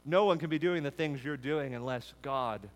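A man preaching an expository sermon, building emphatic lists that rise and then drop low. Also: normal speed. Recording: long hall reverb.

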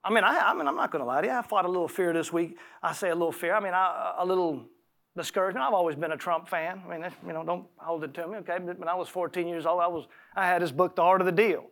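High-voiced man preaching a conversational sermon. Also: gravelly, fairly bright tone. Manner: conversational, with slow emphatic scripture reading.

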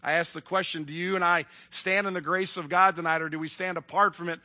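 A man's voice: fairly high pitch, bright, forceful tone. A man preaching a sermon, earnest and emphatic, putting questions to his listeners. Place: room with an audience, evening service.

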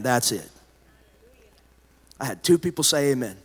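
A man preaching a sermon to a church, swinging between loud, animated preaching and quiet storytelling. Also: medium pitch, unhurried, long pauses, breathy edge. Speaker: pastor. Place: church sanctuary. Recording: live church hall with long reverb.

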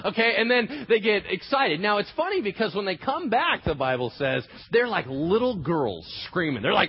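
Energetic guy preaching, voice jumps all over, kinda muffled recording w a little hiss. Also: high voice, moderate pace, few pauses, breathy edge. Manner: animated, acts out scenes in funny voices. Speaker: pastor. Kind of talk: sermon. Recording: slightly dull sound with faint ambient noise.

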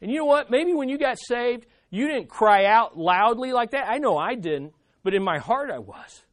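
Animated pastor preaching with a dry sound. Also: mid-range voice, moderate pace, dry recording. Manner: animated, acts out desperate pleas. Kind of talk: sermon.

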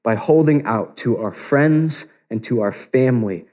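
A man's voice: mid-range voice, animated, a little slow, darkish tone. A man preaching a sermon as pastor, earnest and building to emphatic peaks. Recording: long reverb of a large hall.

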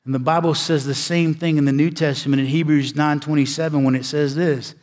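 Male preacher, fairly high voice, dramatic sermon pacing, long church reverb. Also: steady tone. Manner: preaching with dramatic pauses, swings between loud emphasis and hushed low delivery. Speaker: pastor.

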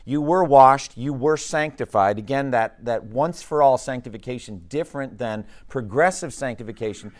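A man's voice: medium pitch, normal speed, hardly any pauses. A man teaching a Bible class in a conversational, emphatic way, often asking the class questions.

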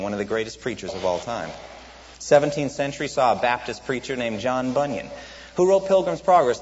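A man's voice: mid-range voice, slight background noise. A man preaching a sermon, building to emphatic repeated lines and asking the congregation questions. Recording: dull, reverberant hall recording.

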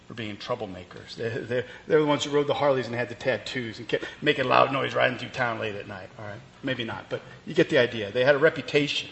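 A man's voice: mid-range voice, fast, gravelly, few pauses, a bit bright. Man preaching in a reverberant hall. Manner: conversational preaching with fillers and restarts. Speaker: pastor. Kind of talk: sermon. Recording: long reverb, faint ambient noise.

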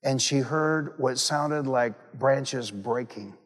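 A male pastor delivers a sermon in a church. His mid-pitched voice carries a long reverb from the big hall around him. He tells his stories with emphatic repetition. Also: slow. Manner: storytelling, repeats phrases for emphasis.

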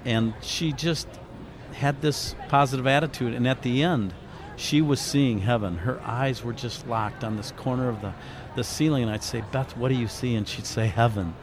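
A man's voice: mid-range voice, moderate pace, background noise. A middle-aged man, a guest on a faith radio interview, telling a heartfelt personal story in an earnest, reflective way. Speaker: interview guest, author and ministry founder.

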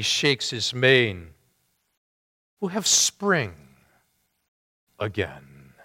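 A pastor preaching a sermon with dramatic rising and falling delivery, in a large church hall. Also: male voice, fairly high pitch, animated, slow pace, bright, forceful tone. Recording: long hall reverb.

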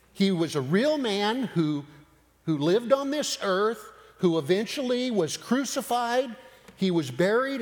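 A man preaching, telling a personal story with animated retelling of dialogue. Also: high voice. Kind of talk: sermon storytelling. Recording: long hall reverb.

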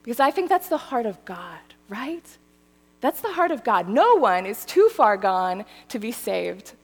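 A woman's voice: on the high side, measured pace. Woman preaching, chatty, keeps asking the crowd "right?", voice jumps all over, echoey hall. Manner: animated, conversational, often asks the audience "right?" and "okay?". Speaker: pastor. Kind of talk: sermon.

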